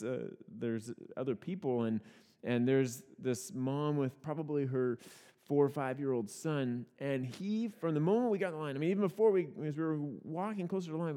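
A man preaching in a relaxed, folksy way, telling stories with lots of restarts and repeated words. His voice sits a little high for a man. It rings out with the long reverb of a church hall. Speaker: pastor. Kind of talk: conversational sermon with personal stories.

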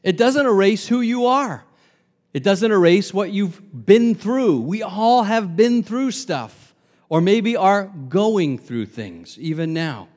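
A middle-aged male pastor from Long Island, New York, preaches with a slightly raised voice that rings out in a long hall echo. He punches key words hard, then drops to quiet asides and adds light humor. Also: sits high, expressive, slow pace. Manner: emphatic preaching that swings between loud stresses and soft asides, with humor. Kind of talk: sermon.

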